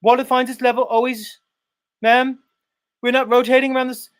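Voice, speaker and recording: A man putting on a pushy flat earth street preacher with a mock British accent, hectoring passersby in a sing-song pitch. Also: moderate pace.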